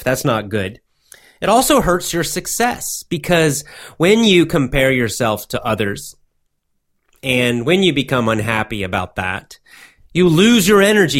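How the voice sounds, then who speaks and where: A man giving a motivational English lesson, speaking slowly in simple words and repeating himself often. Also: a little high, a bit bright. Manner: slow, simple wording with many repetitions. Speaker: English teacher.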